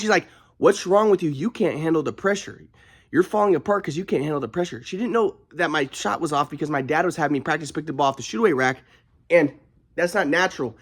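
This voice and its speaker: A man's voice: fairly high pitch, husky. A young adult man vlogging, telling a personal story in a rambling, aggrieved way with frequent restarts.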